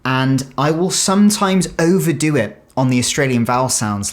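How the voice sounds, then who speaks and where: A young man with a British accent talks through a reaction video in a loose, chatty way. He is playful and keeps repeating words he has just heard. His voice sits at an ordinary middle pitch. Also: moderate pace. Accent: British English. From Britain. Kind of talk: casual reaction chat.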